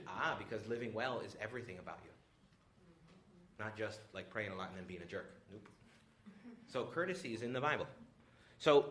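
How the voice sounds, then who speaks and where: A man, a priest, giving a retreat talk, joking and lively, often acting out little voices. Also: lowish voice, fairly quick, slight background noise. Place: retreat hall with audience.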